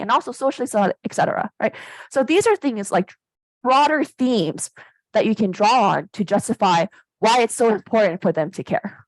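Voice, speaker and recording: A woman giving a casual, animated workshop lecture, often checking in with "right?". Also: on the high side, brisk, no room sound, poor audio. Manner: animated, conversational, keeps asking "right?". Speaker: academic workshop presenter.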